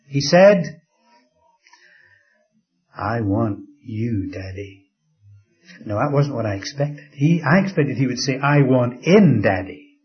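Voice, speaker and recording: Older male preacher, slow dramatic sermon delivery with hushed drops, mid-pitched, slightly muffled lo-fi recording. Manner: slow, dramatic storytelling with soft drops to a hush.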